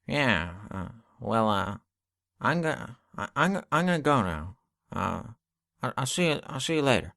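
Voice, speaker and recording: A man's voice: medium pitch, very animated, normal speed, vocal fry, sharp tone, no room sound, heavily acted. Awkward, clingy superhero guy, played by a man, nervous stammer, dry close sound. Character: meek clingy male superhero, awkward and needy.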